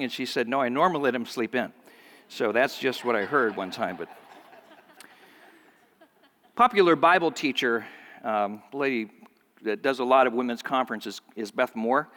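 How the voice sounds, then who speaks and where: A man's voice: a bit bright, long reverb tail. A man preaching a sermon to his congregation, telling a story and acting out the voices of the people in it. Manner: storytelling, voices quoted speakers with pitch jumps. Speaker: pastor.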